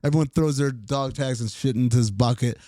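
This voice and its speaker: A man's voice: medium pitch, fairly quick, mellow, dry recording, clean studio sound. A man co-hosting a movie podcast, joking, laughing often and acting out lines in casual chat. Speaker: podcast co-host.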